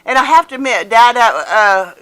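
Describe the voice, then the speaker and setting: A woman in her fifties speaks straight to her viewers in a bright, forward voice. She tells her story casually and earnestly, and she leans on repeated phrases to drive her points home. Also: a little high, animated, moderate pace. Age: 50s. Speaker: vlogger. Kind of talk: casual personal storytelling to camera.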